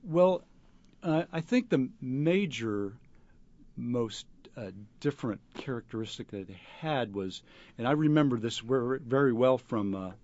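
A man, an actor, answering interview questions in a halting way, with many fillers and restarts. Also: mid-range voice, lively intonation, darkish tone. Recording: dull lo-fi radio recording.

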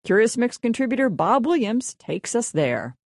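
A woman presenting a radio program, delivering crisp scripted introductions. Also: on the high side, sing-song, normal speed, no echo, studio quality. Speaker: radio host.

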